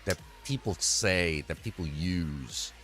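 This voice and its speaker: A man hosting a livestream launches into a casual political rant about society that is earnest, rambling and full of profanity. His voice is low and a bit bright, animated yet slow.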